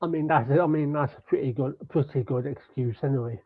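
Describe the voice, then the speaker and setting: A man's voice: medium pitch, fairly quick, narrow, tinny audio. A man co-hosting a podcast in casual chat, laid-back, laughing along with short replies. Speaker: podcast co-host.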